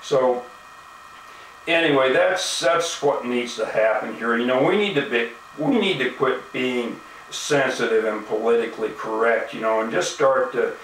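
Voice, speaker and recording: Recorded on a distant mic in an echoey room with slight hiss or hum, a man of medium pitch and fairly bright tone vents in a video blog, speaking a little slowly. His rant is furious and profane, brimming with indignation and peppered with "you know."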